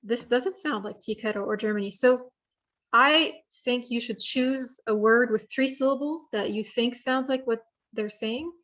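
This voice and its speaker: A woman's voice: fairly high pitch, measured pace, fairly bright tone. A young woman presenting an online bird identification workshop, explaining in a friendly way with frequent fillers, over a computer mic on a video call.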